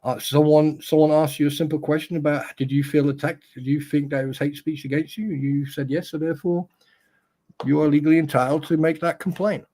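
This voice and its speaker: A man's voice: on the high side, flat delivery, brisk, mellow. A man chiming in on a casual livestream chat, talkative and opinionated with a joking edge.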